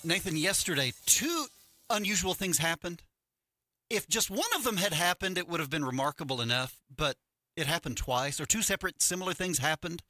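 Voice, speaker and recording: Soft music plays in the background as a middle-aged man co-hosts a morning radio show from a radio studio, his slightly high voice coming a little fast through a studio microphone with no echo. He tells stories in relaxed conversation, animated and acting out the quotes of the people involved.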